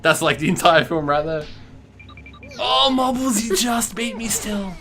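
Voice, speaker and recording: A man's voice: high voice, lively intonation, measured pace, music in the background. Guy streamer cracking crude jokes w friends, voice bouncing all over. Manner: laughing, joking, crude banter. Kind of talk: casual gaming chat with friends.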